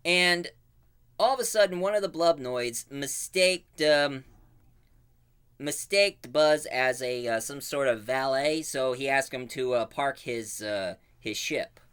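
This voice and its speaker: A man casually retelling a cartoon plot as a reviewer, with animated storytelling full of fillers. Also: medium pitch, slow pace, clean tone.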